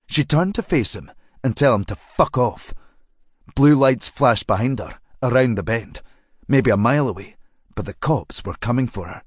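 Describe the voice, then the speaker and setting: Even-voiced man narrating a crime novel. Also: mid-range voice, moderate pace, husky, no echo, studio quality. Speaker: audiobook narrator. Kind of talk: scripted narration.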